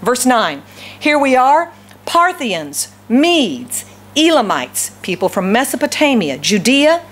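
A woman's voice: high-pitched, very animated, slow, fairly bright tone. A woman pastor from the southern United States with a light Southern accent, preaching a sermon and asking her congregation many rhetorical questions.

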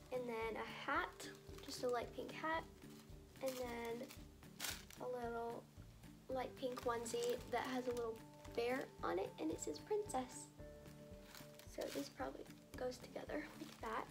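Excitable woman vlogger, fairly high voice, bubbly unboxing chatter with music behind. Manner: gushing and excitable, filler-heavy. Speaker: doll collector vlogger. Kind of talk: unboxing vlog. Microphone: camera on a tall tripod. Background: background music.

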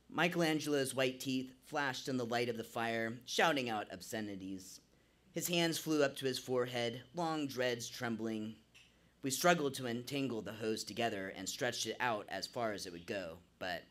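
A man's voice: on the low side, a bit bright. A man performing a live true story on a small venue stage, narrating vividly and theatrically into a stage microphone.

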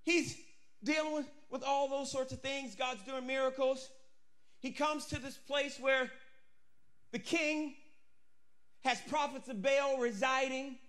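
A male pastor telling a story in an energetic, humorous sermon. His voice is very high and bright, and he often breaks into shouts. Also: takes it slowly, pauses often.

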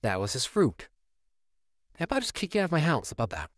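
In a home-made fan audio drama recorded close on a dry home mic, a performer voices a male puppet neighbor stuck babysitting a child. The character is sarcastic and easily flustered, his pitch swinging wildly. Delivery is fairly quick, with huge pitch swings and no room sound.

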